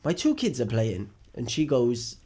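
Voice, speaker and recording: Young male podcast host, casual rambling storyteller, mid pitch. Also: sing-song, unhurried, mellow, breathy edge. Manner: rambling storyteller, jokey, acts out dialogue. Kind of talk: casual chat.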